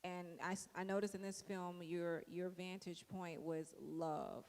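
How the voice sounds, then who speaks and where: A woman's voice: fairly low pitch, steady tone, unhurried, darkish tone. A woman asking the panel questions, casual and blunt. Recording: echoey hall.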